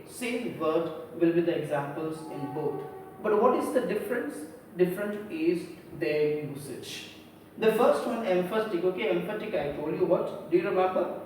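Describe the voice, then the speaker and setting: A woman's voice: fairly low pitch, darkish tone. A woman teacher gives a grammar lesson to a class. She keeps saying "okay", asks questions and answers them herself. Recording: very echoey room, distant mic, faint hum.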